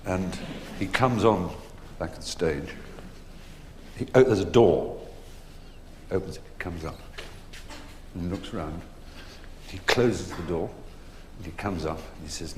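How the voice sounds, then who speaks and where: Deep-voiced man telling stories in a reverberant hall. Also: takes it slowly, pauses often, darkish tone, slight background noise. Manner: leisurely raconteur with frequent ums and restarts. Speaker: stage conversation guest. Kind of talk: anecdotal storytelling on stage. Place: theatre stage before a live audience. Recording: echoey hall with long reverb.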